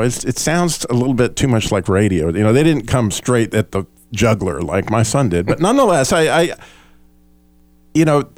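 A man's voice: mid-range voice, darkish tone, no room sound. A middle-aged man hosting a radio talk show, chatting casually with frequent self-deprecating restarts.

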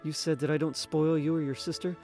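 A man's voice: on the high side, little pitch movement, brisk, darkish tone, faint music behind, lightly acted. Guy reading as a worn out mom, stern and firm, barely changing his own voice. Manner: weary, stern. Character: weary, stern working mother.

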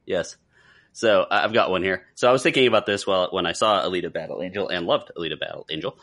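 A man's voice: sits low, fast, fairly bright tone. A man co-hosting a podcast in casual, playful chat, joking and imitating sounds. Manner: playful, chatty, mimics sounds. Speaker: podcast co-host.

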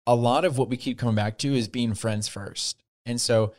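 A young man talks in a relaxed podcast conversation. He is earnest and chatty, with easy laughs, and his voice sits at an ordinary middle pitch. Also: moderate pace, soft background music. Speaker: podcast co-host. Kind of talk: casual chat.

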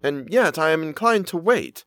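A man voicing a cool-headed Victorian surgeon who speaks in a calm, clinical, measured way. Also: fairly high pitch, no room sound, voice pushed up.

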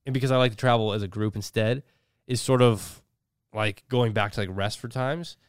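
A man's voice: mid-range voice, steady tone, moderate pace, clear, resonant tone, dry recording. A man talks loosely on a podcast, full of fillers and little jokes. His voice sits mid-range and is recorded dry and close, with no room around it. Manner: rambling, filler-heavy, jokey. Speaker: podcast co-host. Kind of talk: casual podcast chat.

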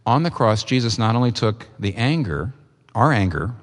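A man preaching a sermon, earnest and emphatic, his pitch leaping up at times. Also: expressive, normal speed, in a large hall.

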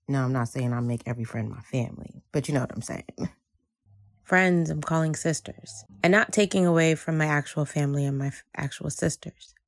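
A woman's voice: low voice, gravelly, no room sound, studio quality. A woman from Jersey City narrating a personal story in a reflective way, repeating phrases for emphasis. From Jersey City, United States.

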